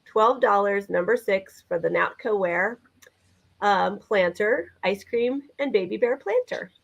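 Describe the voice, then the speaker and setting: A woman's voice: mid-range voice, animated, measured pace, gravelly, lo-fi sound. A woman co-hosting a live vintage sale, chatting enthusiastically as she describes items. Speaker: vintage seller co-host.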